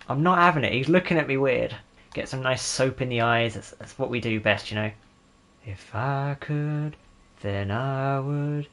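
A gaming YouTuber offers sarcastic, jokey commentary while playing a video game, talking to himself and his viewers in a casual way. His voice is medium-pitched with a fairly bright tone.

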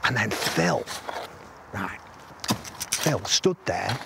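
A man's voice: fairly low pitch, expressive, extremely slow, creaky, heavy background noise, heavily acted. An actor playing a blunt, middle-aged army veteran who swears constantly and rambles through grim stories, asking "right?" as he goes. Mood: grim storytelling. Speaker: soldier telling a war story. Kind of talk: film drama acting.

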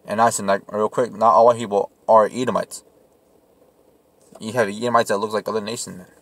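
Young man, bright sharp voice, halting scripture reading, casual slangy commentary. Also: lowish voice, level tone, no room sound. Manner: reads archaic verses haltingly with slips, then comments in slang. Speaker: Bible teacher.

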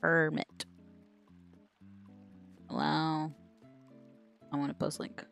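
A woman's voice: low voice, level tone, extremely slow, vocal fry, fairly bright tone, faint music behind. A woman game streamer chatting casually on a live stream, giggling as she stumbles over a tongue twister. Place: home streaming setup.

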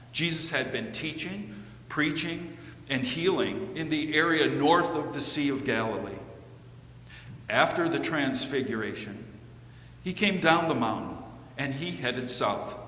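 Slow, measured man preaching in a church. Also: a little high, a bit bright. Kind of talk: sermon. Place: church sanctuary. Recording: echoey church with long reverb, faint hum.

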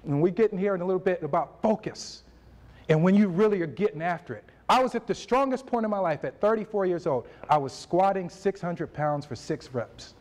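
A man in his forties giving a motivational speech at a university event, telling his story with animated delivery and acting out conversations. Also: high voice, brisk. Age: 40s. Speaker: motivational speaker.

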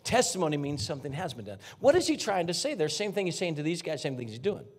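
A man preaching a fervent sermon as a guest pastor in a church, talking folksy and straight to the congregation, dropping to hushed whispers and rising to near shouts. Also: a little high, big pitch swings, quick pace, slightly rough. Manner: folksy, addresses congregation directly. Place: church sanctuary.

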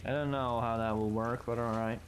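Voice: medium pitch, fairly even intonation, brisk, noisy background. A gamer giving casual, playful commentary during a let's play, swearing a lot and taunting the enemies on screen. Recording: game sounds behind voice.

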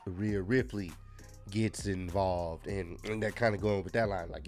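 A man's voice: deep voice, steady tone, a little slow. Laid-back man reviewing wrestling, faint music. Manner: laid-back, frank, many fillers and restarts. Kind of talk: casual solo review talk.

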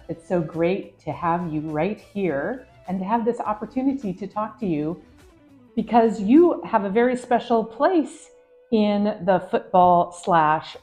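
A woman's voice: medium pitch, a little mellow. A woman diplomat interviewing a guest in an upbeat, welcoming way. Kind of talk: scripted friendly interview.

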